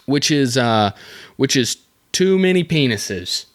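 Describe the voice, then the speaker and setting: Guy doing a solo podcast, slow laid-back talk, goofy asides. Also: mid-range voice, animated. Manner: rambling, jokey, self-mocking asides. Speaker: podcast host. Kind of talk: casual solo podcast chat.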